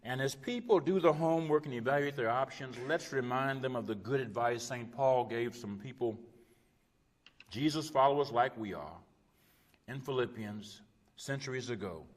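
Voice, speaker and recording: Impassioned male preacher in a reverberant church. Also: moderate pace. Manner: impassioned, swinging between loud urgent peaks and hushed low drops; repetitive rhetorical cadence. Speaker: pastor. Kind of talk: sermon. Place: church sanctuary.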